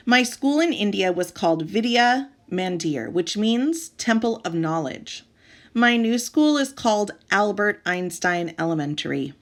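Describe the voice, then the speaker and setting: Woman narrating a children's audiobook. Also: mid-range voice. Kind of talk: first-person audiobook narration.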